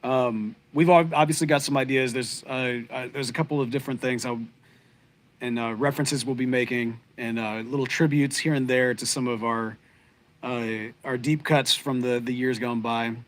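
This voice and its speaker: A middle-aged man with a drawl chats casually as a podcast co-host. He rambles warmly, restarting sentences and leaning on fillers as he talks to his viewers. His pitch sits in an ordinary middle range. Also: steady tone, normal speed. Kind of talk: casual live-stream chat with viewers.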